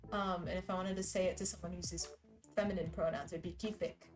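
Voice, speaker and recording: A woman's voice: on the low side, steady tone, fast, music in the background, poor audio. Chatty laughing woman streamer. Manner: chatty, rambling, laughs often. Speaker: live streamer. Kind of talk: casual chat.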